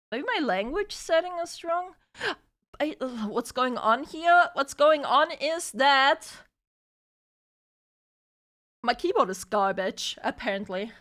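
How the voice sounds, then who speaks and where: A woman's voice: high-pitched, lively intonation, measured pace, fairly bright tone. A woman live streamer chatting casually, flustered and swearing as she troubleshoots her setup.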